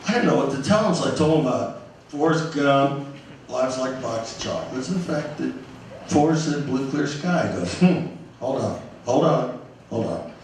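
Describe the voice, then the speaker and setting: A man telling a story on stage in a small music club, animated and emphatic, acting out the dialogue with others as he goes. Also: mid-range voice, fairly quick, slight background noise. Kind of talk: live onstage storytelling. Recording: echoey live club from a distant mic.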